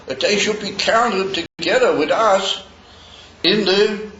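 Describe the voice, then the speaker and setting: A man teaching a Torah class in a halting way, with many pauses and fillers, reading Hebrew verses slowly. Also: sits high, pushed and bright, slight background noise. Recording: roomy dull lo-fi recording.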